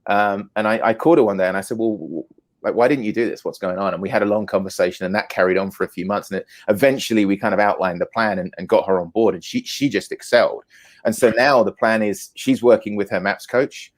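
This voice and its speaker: A man with a British accent, a team leader, talking through his work in a casual podcast chat, rising in pitch when he makes a point. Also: quick pace. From England.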